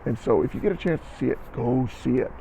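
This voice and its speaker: A man's voice: medium pitch, quick pace, vocal fry, dark tone, a little hiss or hum, rough recording. A man teaching a recorded band lesson to students, encouraging them and counting beats aloud.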